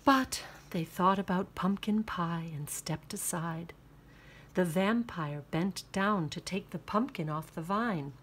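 A woman reading a children's picture book aloud with expressive, sing-song narration. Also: fairly low pitch, takes it slowly, a little hiss or hum. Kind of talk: storybook read-aloud.

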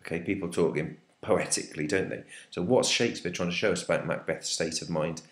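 Deep-voiced teacher talking through a text. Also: male voice, brisk. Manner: chatty, questioning, full of ums. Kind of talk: literature lesson talkthrough. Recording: echoey room.

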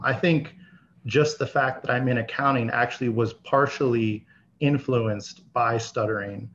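A man in his thirties who stutters, talking casually as an interview guest, with many pauses and fillers. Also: mid-range voice, fairly bright tone. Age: 30s. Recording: slightly dull audio with faint background hiss.

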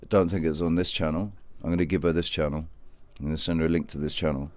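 A man's voice: very deep voice, fairly even intonation, quick pace, dry recording. A man, rambling to camera in a self-mocking, joking way and swearing freely. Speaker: vlogger.

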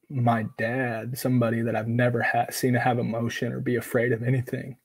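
A man's voice: medium pitch, completely flat delivery, a little fast, creaky, hardly any pauses, breathy edge, rough recording. A man from Oregon, a podcast guest, telling a personal story in casual, filler-heavy speech, acting out quoted dialogue, earnest and emotional. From Oregon, USA.

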